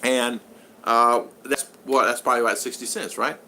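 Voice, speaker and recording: Bright-voiced older man chatting. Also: medium pitch, steady tone, normal speed, a little hiss or hum. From United States. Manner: rambling anecdotal storyteller with frequent restarts. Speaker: vlogger reading live chat. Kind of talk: casual livestream chat.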